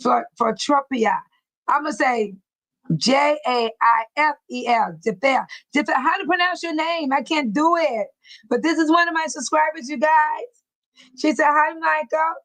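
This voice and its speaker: A woman's voice: high voice, measured pace, a bit bright, dry recording, poor audio. An older woman from the Chicago area hosting a casual livestream, chatty and laughing often as she reads viewer comments aloud. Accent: Chicago-area American English. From United States. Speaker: livestream host.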